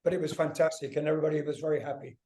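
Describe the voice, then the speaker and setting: Older male guest, high-ish voice, lively storyteller, swears a lot. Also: racing. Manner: animated, swears freely, acts out voices in anecdotes. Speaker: guest musician. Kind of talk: casual storytelling interview.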